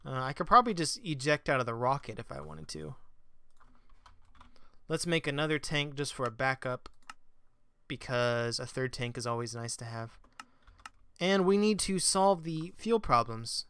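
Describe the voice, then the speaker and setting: Gaming host, male, bright clear voice on a dry close mic, chatty commentary with mock-angry outbursts. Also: on the high side, no room sound. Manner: chatty, flares into mock-exasperated rants; self-mocking. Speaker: let's play gamer. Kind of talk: casual gameplay commentary.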